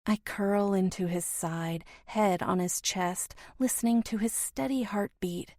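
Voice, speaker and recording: A woman narrating a romance audiobook in a soft, intimate first-person voice. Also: mid-range voice, measured pace, dry recording, studio quality.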